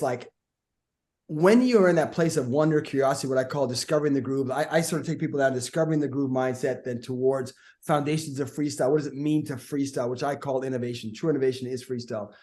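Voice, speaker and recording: A middle-aged man, a guest speaker, telling energetic stories in a podcast conversation and acting out the voices in them. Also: mid-range voice, fairly quick. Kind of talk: animated storytelling in a podcast conversation.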